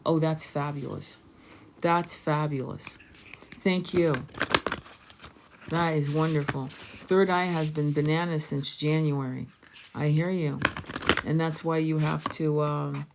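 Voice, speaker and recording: Low-pitched woman hosting an oracle stream, coaxing viewers to open up. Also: darkish tone, slight background noise. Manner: encouraging, coaxing viewers to share. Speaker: tarot and oracle reader hosting a live stream. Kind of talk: live-streamed spiritual session.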